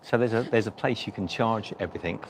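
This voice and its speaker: A man's voice: on the low side, quick pace, gravelly, noisy background. A man, a cycle-touring vlogger, chatting jokily on a phone live stream at an outdoor rest stop. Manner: chatty, jokey, rambling with restarts. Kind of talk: casual live-stream chat. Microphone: phone held by the speaker.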